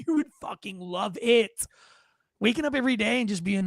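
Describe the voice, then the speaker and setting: A brash American man hosts a political talk show. His voice sits high but carries a gravelly rasp, and he swears freely and turns sarcastic. The sound is dry and close. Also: expressive, normal speed, no room sound. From United States. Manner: brash, profane and sarcastic, mocks others in put-on voices. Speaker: political commentary host. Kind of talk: casual political commentary.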